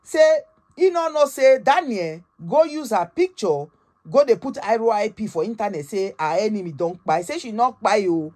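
A woman with a Nigerian accent hosting a gossip channel, retelling a story in a dramatic, animated way with frequent exclamations. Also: mid-range voice, normal speed. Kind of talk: casual storytelling gist in Pidgin.

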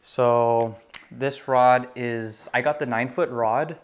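A young man casually reviewing a fishing rod in a relaxed, rambling way, with lots of fillers and bursts of enthusiasm. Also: mid-range voice, slow. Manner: enthusiastic about gear. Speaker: gear reviewer.

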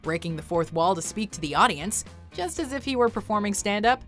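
A woman's voice: medium pitch, a little fast, faint music behind. A woman narrating a countdown video in an upbeat scripted style. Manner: upbeat, lively list presenting.

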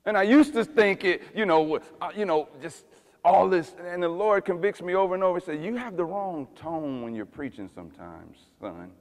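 A fiery male pastor preaching. His voice sits a little higher than most men's and rings out with long reverb through a large church hall. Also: expressive, moderate pace. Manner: swings between loud fiery preaching and hushed tender whispers. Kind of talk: sermon.

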